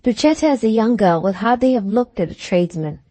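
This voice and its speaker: A woman narrating a classic novel as an audiobook in a steady, measured reading. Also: a little high, dry recording.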